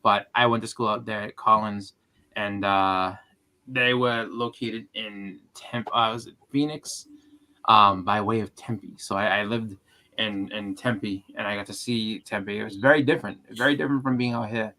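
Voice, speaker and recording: A man's voice: fairly low pitch, steady tone, normal speed, bright, forceful tone. A man in a casual group chat, telling rambling stories and acting out quotes. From Boston area. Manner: rambling storyteller, acts out quotes. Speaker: channel host, comic collector.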